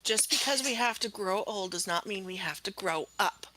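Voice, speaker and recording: A woman's voice: medium pitch, moderate pace, pushed and bright, dry recording, poor audio. A woman co-hosting a podcast, chatting casually in a self-aware way. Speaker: podcast co-host. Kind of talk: casual chat.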